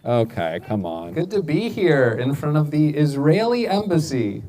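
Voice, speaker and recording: A young man doing stand-up crowd work outdoors on a city street through a portable speaker, firing off quick political one-liners and teasing people passing by. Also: a little high, very animated, dark tone. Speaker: stand-up comedian. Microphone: amplified through a portable speaker.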